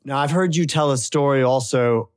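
A man hosting an interview, asking measured questions and giving brief affirmations. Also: medium pitch, smooth.

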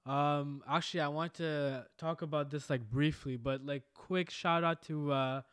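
A man's voice: on the high side, fairly even intonation, a little slow, a bit bright, smooth, no echo, clean studio sound. A young man with an anglophone Montreal accent, chatting in a laid-back way on a podcast and swearing casually. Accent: anglophone Montreal English. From Montreal, Canada. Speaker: podcast co-host. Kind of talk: casual chat.

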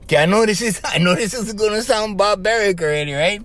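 A man's voice: high voice, quick pace, a bit bright. A middle-aged man from Hawaii with a Hawaiian Pidgin-tinged accent, hosting a casual solo podcast, rambling and chuckling, tagging lines with "right?" and "okay?". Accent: Hawaiian Pidgin-tinged English. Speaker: podcast host.

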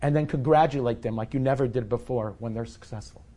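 A man's voice: mid-range voice, fast talker, warm tone. Candid man telling a story on stage. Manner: conversational, candid, self-deprecating. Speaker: speaker telling a personal story. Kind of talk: live storytelling to an audience. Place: event hall with a live audience.

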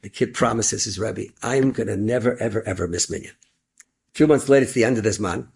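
A man telling an inspirational story in animated storytelling, sprinkling Yiddish and Hebrew words. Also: on the low side, gravelly, slightly rough.

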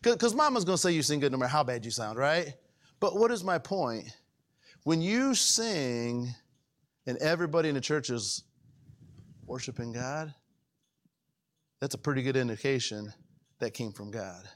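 A man preaching a conversational sermon as pastor, often asking the congregation if they follow, with his voice swinging between raised and hushed. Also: mid-range voice, animated, moderate pace, long pauses.

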